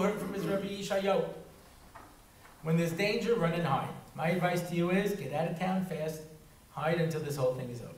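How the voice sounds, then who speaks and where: Telling stories and laughing as he slips into different voices, a high-voiced man gives a comic Torah talk in a synagogue hall. He's far from the microphone, and the spacious hall carries faint noise.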